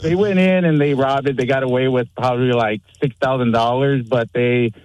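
A man phones in to a radio show and tells his story in a relaxed, matter-of-fact way. His voice sits at an ordinary middle pitch. The sound is dry and close, with no room around it. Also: brisk, dry recording, rough recording. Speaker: caller. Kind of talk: telling an anecdote on a radio call-in.

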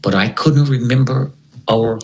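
A man's voice: medium pitch, measured pace, low-quality recording. A man telling a dramatic personal story as a guest in an interview, acting out the voices of the people in it. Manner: animated storyteller who acts out the voices of people in his story.

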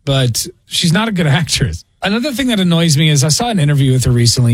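A man's voice: fairly high pitch, expressive, fast talker, no echo. A man hosting a radio morning show, talking in blunt, sarcastic banter. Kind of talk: casual studio banter. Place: radio studio.

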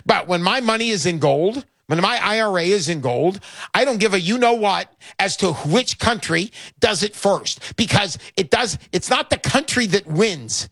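Loud pushy middle-aged guy on talk radio, keeps repeating himself, dry close sound. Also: sits high, lively intonation, moderate pace, dry recording. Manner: brash, emphatic, repeats lines for effect. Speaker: radio show host. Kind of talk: talk radio with sales pitch.

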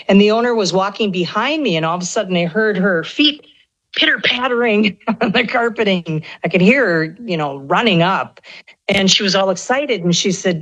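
A woman's voice: mid-range voice, a bit bright, low-quality recording. A middle-aged woman telling rambling stories on a radio show, with many restarts. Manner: chatty, rambling storyteller with frequent restarts and laughs. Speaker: guest. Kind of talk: casual radio conversation.

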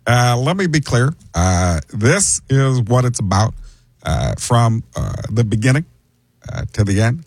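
A man doing a slow, halting politician. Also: medium pitch, big pitch swings, no room sound. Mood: deliberate. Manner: slow, halting, with many pauses on "uh". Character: measured male politician, halting and deliberate.

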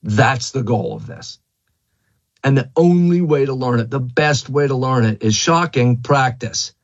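A man's voice: mid-range voice, a little slow. A man giving a casual golf lesson, rambling and repeating himself with many fillers. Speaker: golf instructor. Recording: dull lo-fi recording.

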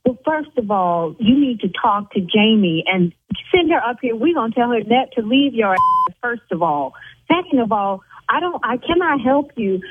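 Indignant husky woman on a tinny phone. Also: no room sound. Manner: indignant, voice climbing high when angry. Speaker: eyelash salon owner. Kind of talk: phone call.

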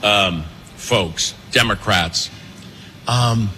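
A man hosting an opinionated political talk show from a pastry shop cafe, talking fast and emphatically and repeating his points. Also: on the low side, slight background noise. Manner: animated, emphatic, fast, with repetitions.

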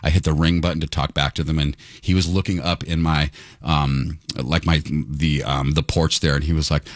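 A man co-hosting a morning radio show, chatting casually and hamming up playful sales pitches. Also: little pitch movement, normal speed, no echo, studio quality. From San Diego area. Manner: playful, hammy salesman bits.

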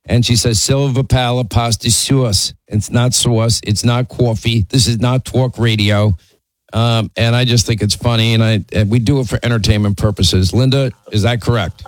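A man's voice: lowish voice, steady tone, moderate pace, no echo, low-quality recording. A man hosting a call-in radio show, talking emphatically and often restarting his sentences. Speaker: radio talk show host.

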